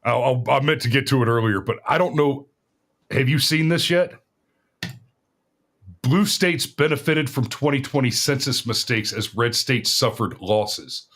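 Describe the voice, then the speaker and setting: A man's voice: medium pitch, a little slow, a bit bright. A middle-aged man co-hosting a podcast, talking casually about politics in a rambling way, often restarting his sentences. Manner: rambling, restarts often, laughs at own stories. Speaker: podcast co-host.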